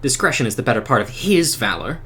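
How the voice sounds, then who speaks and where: A man reading aloud as a calm, wise female seer in a fantasy game, in a measured, explanatory way. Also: medium pitch.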